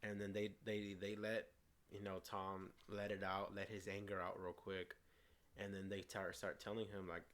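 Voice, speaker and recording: A man's voice: low voice, little pitch movement, moderate pace, a bit bright. A man co-hosting a casual movie review, eagerly retelling scenes and stumbling over his words. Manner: frequent restarts and stumbles. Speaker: co-host of a movie review show.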